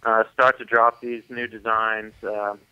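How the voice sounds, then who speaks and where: Relaxed male phone guest, smooth voice, dull and dry phone-line sound. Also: on the low side, measured pace, no echo. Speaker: phone-in guest, clothing company founder. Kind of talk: phone interview.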